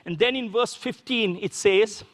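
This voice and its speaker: High-voiced Sri pastor preaching. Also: male voice, measured pace, a bit bright, in a large hall. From Sri Lanka. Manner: conversational preaching with rhetorical questions. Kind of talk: sermon.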